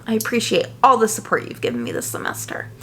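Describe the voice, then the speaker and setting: A young adult woman, a nursing student, chatting casually and earnestly to her viewers, full of fillers and quick asides. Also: a little high, big pitch swings, gravelly, a bit bright, a little hiss or hum. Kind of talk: casual chat to camera.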